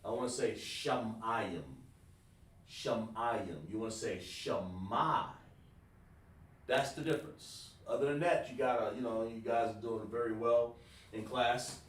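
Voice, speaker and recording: A man teaches a live online class, patient and drilling each sound slowly through repetition. His voice sits in a middle pitch. He is heard from some distance in an echoey room. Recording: echoey room, far from the mic.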